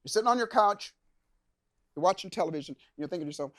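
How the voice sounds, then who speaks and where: A man giving a motivational seminar talk to a live audience, animated, asking the crowd questions and acting out reactions. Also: high voice, racing, no room sound, clean studio sound. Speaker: keynote speaker.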